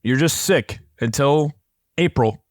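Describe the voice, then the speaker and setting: A young man co-hosting a podcast over a video call, his voice dry and raspy from being sick, telling jokey stories in a casual chat. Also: medium pitch, takes it slowly, darkish tone, dry recording. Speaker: podcast co-host. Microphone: earbuds with a mic on a video call.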